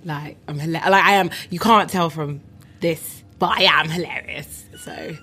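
A woman's voice: fairly low pitch, wildly swooping pitch, a little slow, bright, forceful tone, breathy edge. A woman in her late twenties, a comedian guest in an interview, talking playfully and boasting about herself in jest. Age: 20s. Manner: playful, boastful self-mockery. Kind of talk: casual interview chat.

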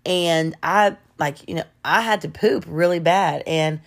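A woman quoting a calm, unashamed man in his late fifties, matter-of-fact in tone, in a storytime vlog. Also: fairly low pitch, a little slow, creaky, pitched below the performer's own voice.

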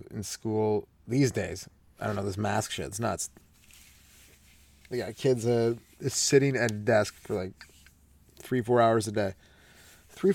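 A man's voice: on the low side, no room sound. A young man from Canada, a stand-up comedian hosting a podcast, rambling loosely through his jokes, laughing at them and swearing a lot. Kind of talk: rambling stoned comedy monologue.

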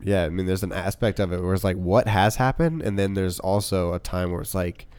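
A young man co-hosts a laid-back podcast, rambling loosely and filling his sentences with "like." His voice is low, and the recording is dry and close with no room sound. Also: flat delivery, fairly quick, darkish tone, clear, resonant tone, no room sound. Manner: rambling, full of "like" and laughs. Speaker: podcast co-host. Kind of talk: casual chat.

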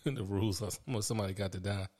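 A lower-pitched man chats in a relaxed, agreeable way on a casual podcast. He goes along with his co-host and adds his own takes in easy banter. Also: quick pace. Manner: laid-back, agreeable banter. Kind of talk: casual chat.

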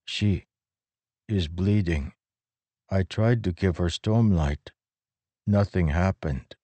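A man reading an audiobook, voicing a frightened male soldier who speaks in a hushed whisper. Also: deep voice, slow pace, dry recording. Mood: grim.

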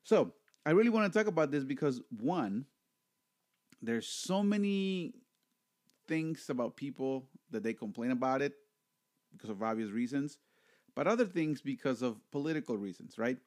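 A man hosting a casual podcast chat. He is jokey and animated, and he often repeats his words. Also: medium pitch, moderate pace. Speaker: podcast host.

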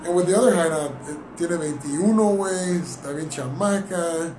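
A man's voice: a little high, normal speed, noisy background. Young man, slangy storyteller. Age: young adult. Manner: slangy, swearing, code-switching storytelling. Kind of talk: casual chat. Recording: roomy distant mic with music. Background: music.

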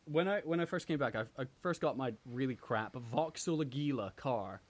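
Rambling mid-pitched podcast co-host man. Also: expressive, normal speed. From abroad, came to the UK at sixteen. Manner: rambling, restarts, dry asides. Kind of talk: casual chat.

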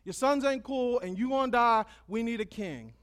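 A man's voice: very high-pitched, normal speed, smooth. A man voicing a pushy crowd of ancient townspeople who demand things in slang during a sermon.

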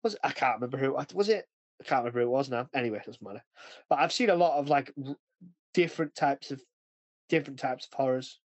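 A man's voice: mid-range voice, fast, no echo. A man hosting a podcast in casual chat, rambling and chatty, often restarting sentences. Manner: rambling, chatty, often breaks into acted quotes. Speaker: podcast host.

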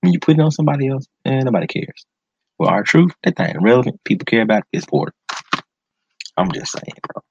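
A man's voice: medium pitch, sing-song, fast, creaky, a little hiss or hum. Hyped man on a lo-fi podcast mic. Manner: enthusiastic, slangy, repeats words for emphasis. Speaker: podcast host. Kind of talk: casual solo podcast commentary. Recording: dull lo-fi sound, dry close mic.

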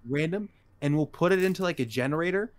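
A man's voice: a little high, quick pace, crowd noise. A young man co-hosting a podcast, rambling in loose slangy casual chat. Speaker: podcast co-host.

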